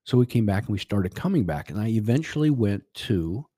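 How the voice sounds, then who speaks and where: A man's voice: lowish voice, big pitch swings, brisk, mellow, husky, no echo, studio quality. A middle-aged man telling a personal story as a podcast guest, rambling with restarts and quoted dialogue. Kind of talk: casual storytelling.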